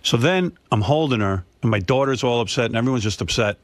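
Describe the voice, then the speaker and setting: A man's voice: medium pitch, expressive, fast talker, no echo. A middle-aged man hosting a radio show, telling a personal story in a rambling, emotional way with many restarts. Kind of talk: casual radio chat.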